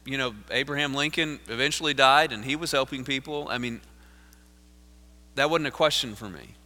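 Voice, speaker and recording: A man, a pastor preaching a sermon in a church, moving from earnest storytelling to forceful preaching. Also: medium pitch, normal speed. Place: church sanctuary. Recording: live sermon in a reverberant sanctuary.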